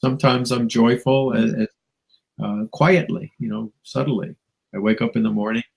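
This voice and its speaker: A man's voice: mid-range voice, fairly even intonation, moderate pace, vocal fry, breathy edge, poor audio. A man, a spiritual teacher and guest, musing reflectively in a talk show conversation, with chuckles and playful asides.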